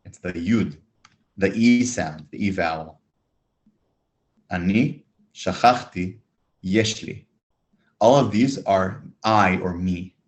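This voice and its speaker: A man with a low, deep voice gives a beginners' language lesson. He explains each word slowly and clearly, breaking the sounds apart for learners. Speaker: Hebrew teacher.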